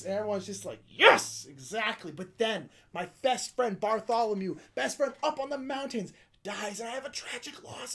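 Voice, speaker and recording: A man spins a goofy first-person adventure story for his friends around a board game. His pitch leaps and dips constantly as he swings from hushed asides to sudden shouts. The delivery is playful and theatrical. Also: normal speed. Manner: animated and playful, breaks into loud shouts and whispered asides. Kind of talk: improvised in-character storytelling.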